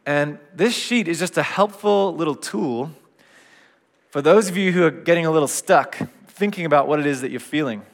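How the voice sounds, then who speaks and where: A man's voice: fairly high pitch, moderate pace. Man preaching in an echoey hall. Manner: gentle, reflective, conversational. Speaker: pastor. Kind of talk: sermon. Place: church hall. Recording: long hall reverb.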